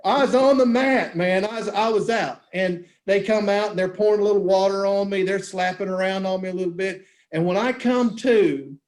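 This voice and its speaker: A man chatting casually as a guest, telling lively stories and acting out the voices of other people. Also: sits high, normal speed, few pauses. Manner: animated storyteller, acts out voices in quotes. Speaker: guest, beep baseball pitcher. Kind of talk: casual storytelling chat.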